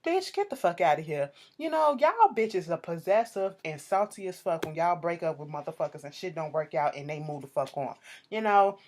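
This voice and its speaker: A woman's voice: on the low side, moderate pace. A woman giving a sassy, profane recap of a reality show episode, acting out the cast's quarrels. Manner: animated, sassy, swears freely, acts out quotes.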